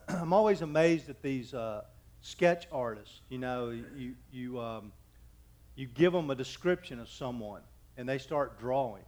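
A man's voice: medium pitch, expressive, darkish tone. A man in his fifties preaching a sermon as pastor, telling folksy, joking anecdotes and often stopping to restart his sentences. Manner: halting, with frequent restarts.

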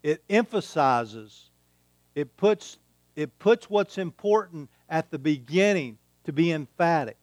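A man's voice: on the high side, lively intonation, slow pace, no echo. A man preaching a sermon, emphatic and repeating his key phrases. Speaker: pastor.

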